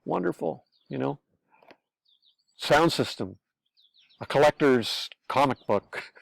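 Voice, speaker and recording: Male online preacher, casual blunt advice talk, gravelly edge, dry sound. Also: medium pitch, slow, dry recording. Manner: blunt, earnest, repetitive, swears. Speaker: online pastor-commentator.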